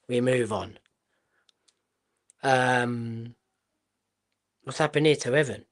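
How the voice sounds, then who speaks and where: A man from Portugal, doing live football watchalong commentary in a blunt, excitable way with quick exclamations and swearing. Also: medium pitch. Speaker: football streamer.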